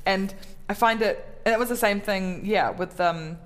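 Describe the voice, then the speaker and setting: A woman's voice: medium pitch, normal speed. A woman comedian chatting casually in an interview, talking in a self-deprecating way with many fillers and restarts. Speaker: comedian guest.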